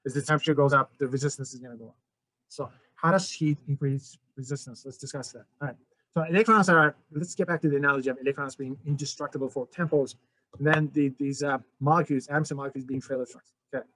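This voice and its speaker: Male physics teacher, quick and conversational, dry close sound; talks to students casually with frequent restarts. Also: medium pitch, fairly even intonation, fairly bright tone, no room sound, poor audio. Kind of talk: recorded lecture.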